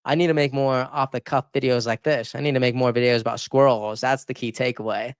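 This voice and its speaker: A man hosting his channel, reacting to his own past videos in casual commentary, excitable and emotional, often stumbling over and repeating words. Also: medium pitch, fairly quick, clear, resonant tone, no room sound. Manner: emotional, near tears. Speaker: YouTube political commentator.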